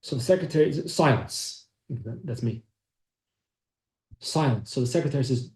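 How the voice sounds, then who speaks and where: A man's voice: mid-range voice, animated, moderate pace, warm tone. Man teaching a class in an echoey room. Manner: storytelling, acts out quoted speech. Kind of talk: telling a story in a class.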